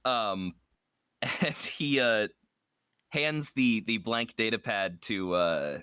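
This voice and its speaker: A man's voice: fairly low pitch, takes it slowly, pushed and bright, smooth, dry recording, studio quality. Casual man describing his game actions. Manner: casual, rambling with many fillers. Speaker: player.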